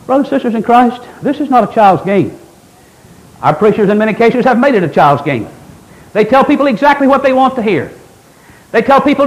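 High-voiced, fervent preacher man. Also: big pitch swings, fast talker, rough recording. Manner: fervent, emphatic preaching with rising outbursts; mimics imagined objectors in quoted asides. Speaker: Baptist pastor. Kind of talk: sermon.

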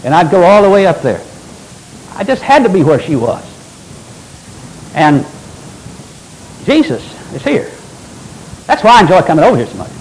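An older man preaching a sermon as pastor, with animated delivery and folksy asides. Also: high-pitched, normal speed, long pauses, a little hiss or hum, rough recording.

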